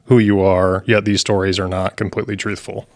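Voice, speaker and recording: A young adult man co-hosting a podcast in casual chat, summing up news with deadpan jokes. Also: deep voice, fairly quick. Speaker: podcast co-host.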